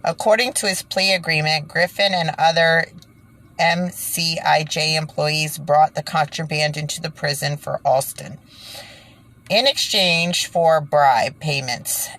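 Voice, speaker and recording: Slow, indignant woman ranting. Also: deep voice, steady tone, fairly bright tone. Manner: indignant, emphatic repetition, stumbles over words. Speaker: video creator reading news. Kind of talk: impassioned commentary and halting reading aloud. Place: indoors by fading daylight.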